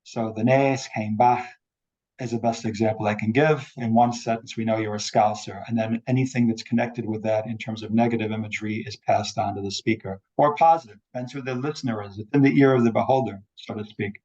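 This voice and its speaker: Husky-voiced man giving an academic talk. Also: fairly low pitch, fairly even intonation, fast, few pauses, a little mellow. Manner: explanatory, repeats words to demonstrate sounds. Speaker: invited speaker on accents. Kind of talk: academic talk on a video call. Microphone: video call microphone. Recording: dull lo-fi video call audio.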